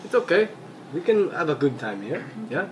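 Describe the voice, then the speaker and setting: A man's voice: fairly high pitch, sing-song, normal speed, highs cut off, noisy background. A man playing a tabletop game, upbeat and nudging the group along. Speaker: player. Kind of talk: casual tabletop play.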